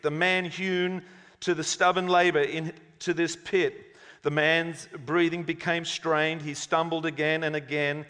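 A man's voice: on the high side, fairly bright tone. A male preacher giving a conversational sermon and reading a story aloud. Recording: long hall reverb.

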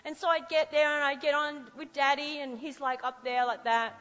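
A woman preacher telling personal stories in a lively sermon, acting out the voices she quotes. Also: sits high, moderate pace, in a large hall, poor audio.

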